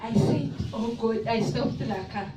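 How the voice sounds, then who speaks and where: A woman with a fairly high voice quietly tells her testimony in earnest. She is far from the mic in an echoing church hall, with noise underneath. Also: unhurried. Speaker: church member giving testimony. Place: church hall in Abu Dhabi.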